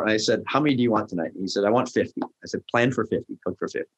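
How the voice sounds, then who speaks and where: A middle-aged man who founded a restaurant tech company tells stories in a podcast interview, talking very fast on a lo-fi recording. He performs the quoted lines of the people in his anecdotes, jumping in pitch as he voices each one.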